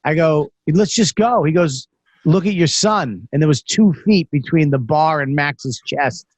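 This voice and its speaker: A podcast host telling stories in casual chat, profane and self-deprecating, with many restarts. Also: male voice, fairly high pitch, measured pace, no room sound.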